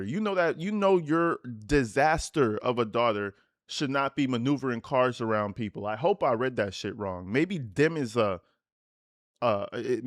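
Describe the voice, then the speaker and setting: Male online commentator, crude and mocking, mid-pitched, dry close mic. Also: no room sound. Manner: crude, mocking and sarcastic, breaks into laughter. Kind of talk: reaction commentary reading texts aloud.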